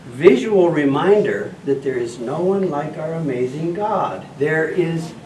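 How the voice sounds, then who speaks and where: A man's voice: a little high, lively intonation, unhurried, a little mellow. A man playing a friendly scribe teacher and farmer in a church children's skit, leading the kids in call-and-response. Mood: cheerful teaching. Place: church hall. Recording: echoey, distant mic, noisy room.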